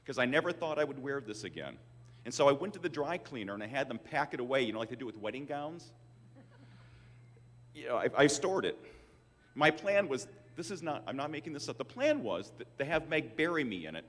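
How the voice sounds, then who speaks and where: A man's voice: medium pitch, a bit bright. An older man in his sixties giving a commencement address with wry, self-deprecating storytelling. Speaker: commencement speaker. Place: large auditorium. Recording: hall reverb from a PA.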